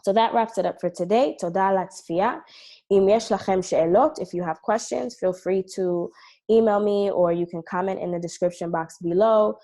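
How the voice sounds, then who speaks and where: A woman's voice: mid-range voice, moderate pace, mellow. A woman teaching an online language lesson, explaining patiently and pronouncing drill words carefully. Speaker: Hebrew teacher.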